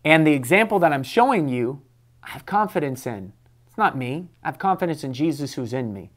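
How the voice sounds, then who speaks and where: Emphatic pastor giving a devotional. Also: male voice, a little high, lively intonation, brisk. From United States. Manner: emphatic, reads scripture and laughs at his own anecdotes. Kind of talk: devotional sermon.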